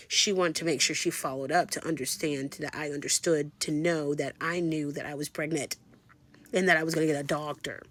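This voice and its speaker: A woman in her thirties telling a casual storytime vlog, animated and slangy, acting out both sides of each conversation. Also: deep voice. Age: 30s. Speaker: vlogger.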